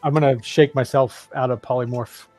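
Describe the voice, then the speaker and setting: A man's voice: medium pitch, steady tone, normal speed, a little mellow, faint music behind. A man playing a tabletop game who declares his character's actions plainly and matter-of-factly. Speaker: player.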